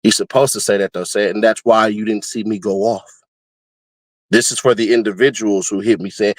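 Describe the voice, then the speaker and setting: A man hosting casual commentary, talking animatedly and laughing often, now and then breaking into high-pitched screaming bits. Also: normal speed, no room sound. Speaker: commentary host.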